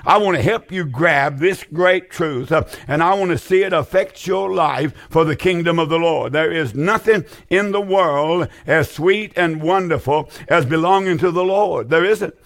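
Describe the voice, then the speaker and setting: A man's voice: on the high side, moderate pace, hardly any pauses, fairly bright tone. An older man hosting a call-in Bible radio show, earnest and folksy, often repeating his phrases for emphasis.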